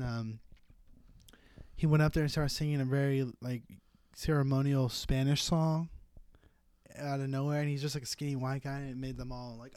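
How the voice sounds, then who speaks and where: Young bay area comedian guy, rambling and swearing, smooth clear voice, dry close mic. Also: medium pitch, dry recording. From San Francisco Bay Area. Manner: rambling, profane, animated storytelling. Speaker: podcast co-host and stand-up comedian. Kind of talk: casual chat, storytelling. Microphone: close podcast mic.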